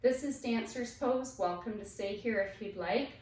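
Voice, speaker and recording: A woman fitness instructor guiding a yoga class with calm, encouraging step-by-step cues. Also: on the high side, normal speed, recorded from a distance, a little hiss or hum. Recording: echoey room, voice off-mic.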